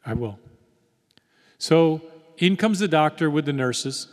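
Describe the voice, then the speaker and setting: A man's voice: fairly high pitch, measured pace. A man giving a testimony talk in a church hall, telling his story and acting out the quoted dialogue. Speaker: guest speaker. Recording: reverberant hall.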